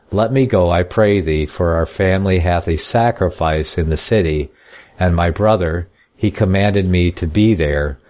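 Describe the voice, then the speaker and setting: A man with a very low voice teaches a Bible study. He reads scripture in an old formal style, then drops into plainspoken, folksy asides to explain it. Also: darkish tone. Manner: reads scripture in King James style then comments casually. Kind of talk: Bible study reading and commentary.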